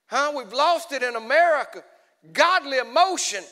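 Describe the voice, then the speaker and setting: A man preaching a folksy, animated sermon as an evangelist, swinging between quiet storytelling and shouting. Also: extremely high pitch, normal speed. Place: church. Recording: echoey church hall.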